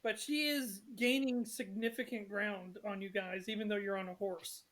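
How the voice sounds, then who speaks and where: A woman's voice: medium pitch, fairly even intonation, normal speed, fairly bright tone. A woman narrating a tabletop game session as game master, chatty and apologetic with many fillers.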